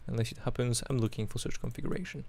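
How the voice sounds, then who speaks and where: Gravelly French-accented man thinking aloud. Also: medium pitch, steady tone, very fast, a little mellow. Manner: thinking aloud, hums while working. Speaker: host. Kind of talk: live chart analysis.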